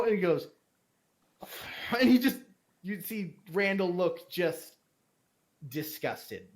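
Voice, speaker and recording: Animated man narrating a tabletop game. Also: high voice, slow pace, pauses often. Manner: casual, full of fillers like "uh" and "like". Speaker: game master.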